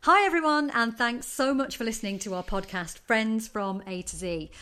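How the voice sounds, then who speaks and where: A woman's voice: a little high, moderate pace, bright, forceful tone, clear, resonant tone. Give me an upbeat woman with a Northern English accent, chatting as podcast co-host. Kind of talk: casual chat.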